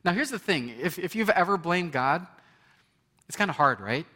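Guy preaching a sermon, chatty, asks the room questions, voice on the bright sharp side. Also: high voice, expressive, normal speed, big-room sound. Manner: conversational, asks the congregation questions, voices quoted people. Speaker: pastor.

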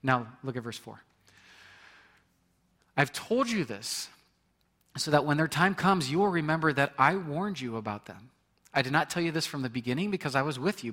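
A man's voice: mid-range voice, a bit bright. A man preaching a sermon in a conversational way, reading scripture aloud and often restarting his words. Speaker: pastor.

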